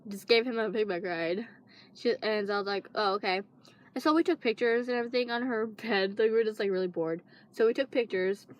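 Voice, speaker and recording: A woman's voice: on the high side, a little fast, lo-fi sound. Teen girl doing a storytime vlog, rambly, lots of um and like. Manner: rambling, many fillers and restarts. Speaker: vlogger. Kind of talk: casual storytime monologue.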